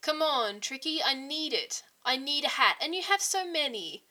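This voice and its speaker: A woman voicing an excitable young man who teases and wheedles his friends. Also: high-pitched, normal speed, voice pushed up. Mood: playful. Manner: eager, teasing, wheedling.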